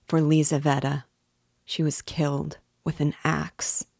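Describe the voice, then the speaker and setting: A timid, devout young woman who answers in short, hesitant phrases, voiced by a woman reading a classic novel. Her voice sits low and her words come slowly and quietly, close to the mic. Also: flat delivery, creaky, breathy edge, no room sound, exaggerated voice.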